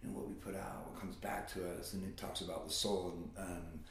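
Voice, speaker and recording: A man's voice: deep voice, little pitch movement, a little fast, gravelly, fairly bright tone, a little hiss or hum. Blunt, profane man in an echoey room. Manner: blunt and profane, swears often. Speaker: guest. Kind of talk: casual storytelling.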